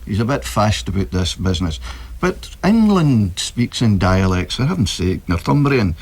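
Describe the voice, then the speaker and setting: A man's voice: fairly low pitch, sing-song, normal speed, darkish tone, breathy edge. A man with a Scots accent on a radio panel, blunt and wry, dropping Scots words into his speech. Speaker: panel guest. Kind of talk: panel discussion.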